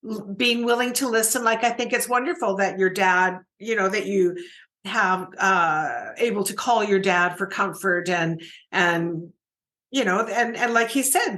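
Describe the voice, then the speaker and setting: A woman's voice: mid-range voice, measured pace, a bit bright. A middle-aged woman hosting an interview, asking searching questions that ramble with many restarts. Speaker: podcast host. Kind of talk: interview conversation.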